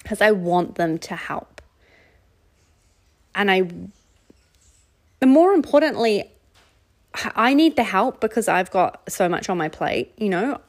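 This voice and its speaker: A woman's voice: medium pitch, animated, slow pace, pauses often. Candid mother podcasting about home life. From New Zealand. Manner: candid, conversational, with repetitions and self-deprecating laughs. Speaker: podcast host. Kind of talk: casual solo podcast monologue.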